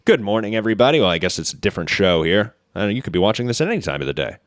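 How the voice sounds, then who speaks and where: A man's voice: on the low side, very animated, very fast, no echo, clean studio sound. A man hosting a comedy podcast, chatting playfully and reading listener mail. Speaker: podcast host. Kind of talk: casual comedy podcast chat.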